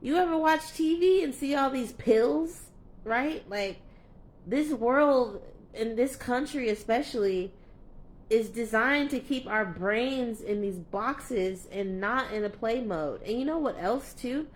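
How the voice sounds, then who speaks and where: A woman's voice: a little high, lively intonation, slow. A young adult woman coach speaking candidly in a vlog, earnest and heartfelt, rambling with many fillers and restarts. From California. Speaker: play and movement coach.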